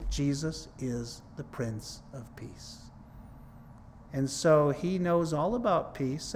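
A man's voice: fairly high pitch, a little mellow, slight background noise. A middle-aged man preaching a sermon in a conversational, earnest way, mixing scripture with his own testimony. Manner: conversational, earnest, repeats "it's like, whoa".

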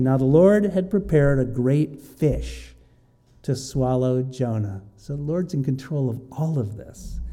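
A man reading Bible verses aloud and explaining them in a lively, conversational teaching style. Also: fairly high pitch. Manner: reads scripture aloud, then explains it with lively asides.

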